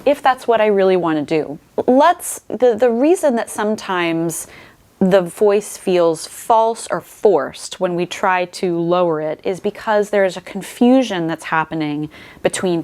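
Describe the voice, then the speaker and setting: Woman, voice coach, lowish pitch, clear explanatory lesson delivery. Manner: explains clearly, shifts voice to demonstrate. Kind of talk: instructional talk to camera.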